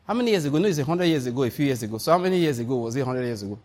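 A man's voice: mid-range voice, animated, rapid-fire, darkish tone. A Nigerian man preaching a conversational, humorous sermon full of stories. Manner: humorous, storytelling, often laughing.

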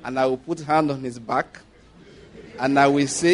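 A man's voice: mid-range voice, fairly even intonation, moderate pace, long pauses. A middle-aged man with a Nigerian accent preaching a sermon, playful and acting out dialogue between points. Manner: playful, acts out dialogue, laughs often. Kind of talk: sermon with acted-out stories.

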